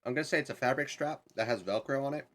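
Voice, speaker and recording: A man's voice: medium pitch, quick pace, fairly bright tone, soft background music. A young man streaming a game, chatting casually in a rambling, self-correcting way. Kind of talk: casual chat while gaming.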